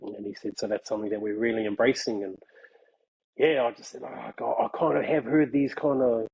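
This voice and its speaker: A man's voice: medium pitch, fairly even intonation, brisk, gravelly, a little mellow, breathy edge, highs cut off. A man telling a story in casual chat, laughing often and saying "bro" a lot. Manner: laughing, slangy, peppers speech with "bro". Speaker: guest.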